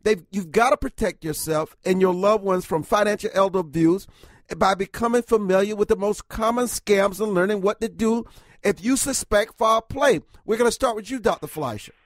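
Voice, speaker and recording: A man's voice: high-pitched, normal speed, dry recording. A man hosting a talk radio discussion, speaking earnestly and emphatically, often listing points one after another. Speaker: radio talk show host.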